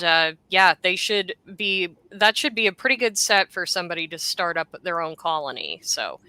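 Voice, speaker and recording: A woman's voice: on the low side, clean tone, no room sound. A woman in casual chat, describing the animals she is selling and laughing easily. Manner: chatty, relaxed, laughs easily. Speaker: seller describing her lot.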